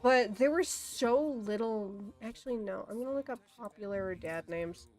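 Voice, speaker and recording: A woman's voice: mid-range voice, moderate pace, darkish tone, faint music behind. A woman livestreaming in casual, rambling chat, swearing easily and saying "like" a lot.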